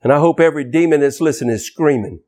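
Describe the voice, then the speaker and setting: A high-pitched man preaches a fiery deliverance sermon. He hammers his points with emphatic repetition and sudden shouted bursts, his voice sitting well above the usual male range. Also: fast.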